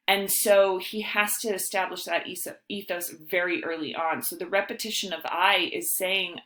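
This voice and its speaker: A woman's voice: on the low side, bright, forceful tone. A woman teacher giving a casual, chatty video lesson on essay writing, with plenty of fillers. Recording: echoey room.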